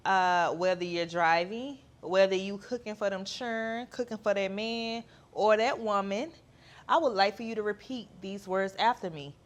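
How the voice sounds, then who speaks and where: A woman's voice: medium pitch, moderate pace. A woman, hosting a podcast in a candid, chatty monologue with playful asides. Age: 30s. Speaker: podcast host.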